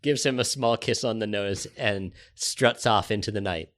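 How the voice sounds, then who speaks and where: A man's voice: lowish voice, normal speed, a bit bright. A man narrating an improvised comedy story, rambling and giggling, with lots of filler words. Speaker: podcast co-host narrating.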